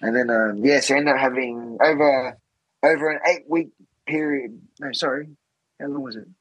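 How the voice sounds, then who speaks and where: A man's voice: mid-range voice, normal speed, fairly bright tone, husky, no room sound, lo-fi sound. An Australian man, a podcast guest, telling stories in a rambling, casual way full of fillers and restarts. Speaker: guest, fighter. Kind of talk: casual storytelling.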